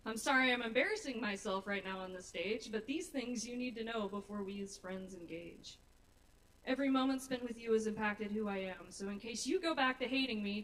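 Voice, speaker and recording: Fairly high and fairly bright, a young woman's voice carries her own rhyming spoken-word poetry at a small bar's open mic, earnest and plainly nervous. She uses a stage mic, picked up by a somewhat distant live room mic with faint noise.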